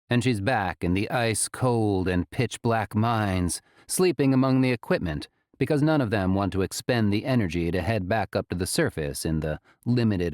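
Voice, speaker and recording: A man narrating an audiobook with a dramatic, expressive delivery. His voice sits low but moves around a lot, and the recording is dry and close with no room sound. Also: no echo.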